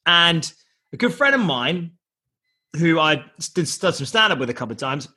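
Husky bright English man telling stories. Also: fairly high pitch, normal speed. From England. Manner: animated, jokey, acts out quoted voices. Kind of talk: casual storytelling chat.

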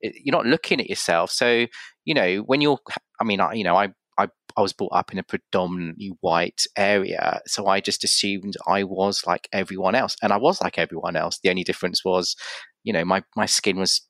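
A man's voice: low-pitched, brisk, fairly bright tone, dry recording. A man with an English accent, hosting a casual podcast interview, talking reflectively with frequent restarts and acted-out quotes. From Yorkshire, England. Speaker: podcast host.

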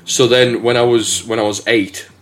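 A man hosting a podcast, telling his own story in a casual, halting way with many restarts. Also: medium pitch, steady tone. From England. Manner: hesitant, many restarts and fillers. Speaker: podcast host.

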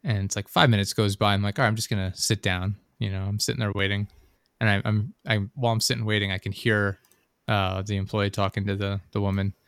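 A man's voice: lowish voice, flat delivery, fast talker, a bit bright, clean tone, dry recording, clean studio sound. A young adult man chatting casually on a podcast, telling a rambling story full of fillers and the odd swear word. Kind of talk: casual chat.

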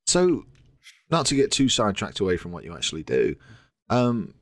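A man's voice: fairly low pitch, wildly swooping pitch, moderate pace, no room sound. A man hosting a podcast, asking questions in an enthusiastic, laid-back way and calling his guest "dude" and "man.". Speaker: podcast host. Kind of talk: casual interview chat.

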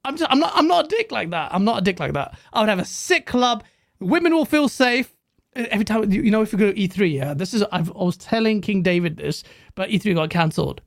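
A British man, a guest on a gaming podcast, telling animated stories in casual chat and swearing freely. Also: high voice, fast, vocal fry, no echo, clean studio sound.

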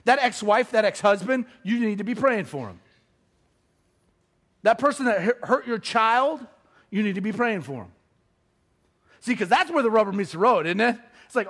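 High-voiced animated male pastor. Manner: animated, self-deprecating humor, quick asides. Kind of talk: sermon with storytelling.

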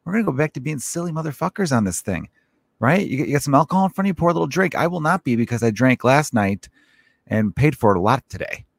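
A man's voice: medium pitch, animated, fast, creaky, no room sound, studio quality. A man hosting his own podcast as a stand-up comedian, rambling through a profane comic monologue and acting out little scenes in other voices.

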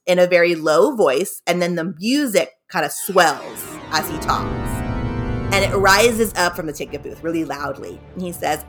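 A woman's voice: fairly low pitch, lively intonation, normal speed, faint music behind. A woman hosting a podcast who recaps a horror story in a chatty, giggly way and acts out the characters. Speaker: podcast host. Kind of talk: casual recap of a horror book.

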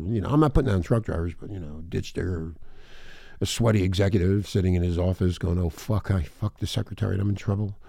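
Gravelly man ranting on shock radio. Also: fairly low pitch, no room sound, clean studio sound. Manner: crude, rambling and mocking, with frequent profanity. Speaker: talk radio host.

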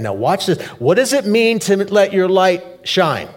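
A man preaching a sermon, shifting between soft low asides and loud, emphatic peaks. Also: sing-song, a little slow. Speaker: pastor.

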